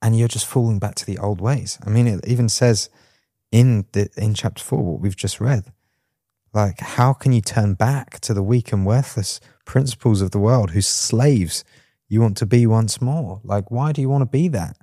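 A man's voice: fairly low pitch, moderate pace, mellow, no echo, studio quality. A man co-hosting a podcast, talking through a Bible passage in an earnest, reflective way with many restarts. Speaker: podcast co-host. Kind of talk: casual Bible study chat.

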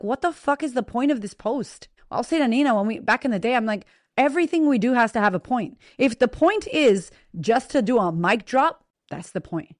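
A woman with a slightly high voice delivers a blunt, swear-heavy pep talk as a podcast host. She is energetic and emphatic and addresses listeners directly. The recording sounds close and dry, with no room around it. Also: dry recording. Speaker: podcast host and business coach. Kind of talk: casual motivational monologue.

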